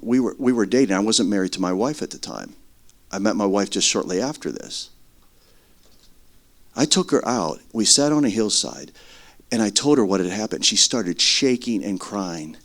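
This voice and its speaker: Middle-aged guy preaching, lowish voice, earnest, gets loud then goes quiet. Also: animated, normal speed. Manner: earnest testimony, swings between loud and hushed. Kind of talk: sermon.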